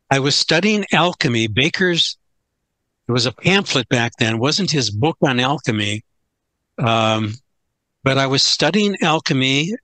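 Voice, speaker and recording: Older male guest speaker, bright tone, dry close sound, candid storyteller who restarts phrases. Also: medium pitch, no room sound. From United States. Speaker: guest speaker, philosophy professor. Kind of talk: conversational storytelling.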